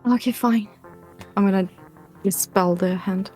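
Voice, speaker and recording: A woman's voice: mid-range voice, unhurried, a little mellow, faint music behind. A woman casually chatting as a player in a tabletop game.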